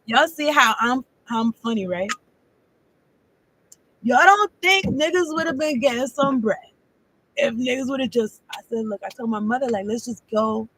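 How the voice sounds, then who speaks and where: A woman's voice: on the high side, moderate pace, pauses often, a bit bright, husky, low-quality recording. A woman giving a casual tarot reading, rambling and profane, laughing often as she talks. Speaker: tarot card reader.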